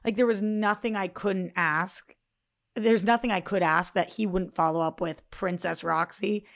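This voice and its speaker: A woman's voice: medium pitch, moderate pace. A woman co-hosting a podcast, telling personal relationship stories in an earnest, explanatory way. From Boston. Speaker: podcast co-host. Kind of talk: casual podcast chat.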